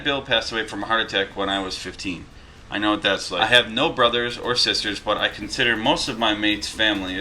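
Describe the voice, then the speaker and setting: A man's voice: on the low side, pushed and bright. Man, 30s, from Western New York, casual vlog, chatty asides, faint background noise. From Western New York, USA. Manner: chatty, reads letters aloud with asides. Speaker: vlogger reading viewer mail. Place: home with dogs around. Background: dogs wrestling.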